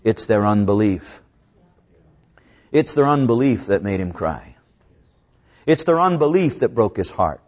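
A man preaching a sermon, reading scripture slowly and swinging between raised, urgent lines and low, hushed ones. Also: very animated. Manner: preaching with dramatic rises and drops; slows down to draw out scripture quotes. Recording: dull lo-fi recording.

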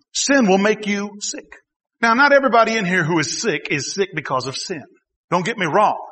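Man, preacher, sermon, high voice, ringing bright tone, long hall reverb. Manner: animated preaching, rising to shouts, with laughs and asides. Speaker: pastor. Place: church hall.

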